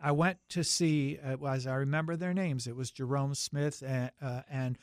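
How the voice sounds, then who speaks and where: A man's voice: medium pitch, steady tone, normal speed, clear, resonant tone, no room sound. An older American man with a Southern accent, recounting his past at an easy, reflective pace. He talks in a plain conversational way, often stopping and restarting his sentences. The recording is dry and close. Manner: reflective, storytelling with frequent restarts. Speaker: interviewee. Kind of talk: oral history interview.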